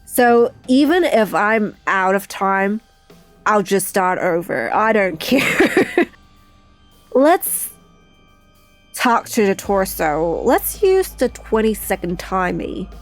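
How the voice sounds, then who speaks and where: A woman giving casual let's-play commentary, thinking aloud in an unhurried, chatty way. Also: medium pitch, very animated, faint music behind. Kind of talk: casual game playthrough commentary.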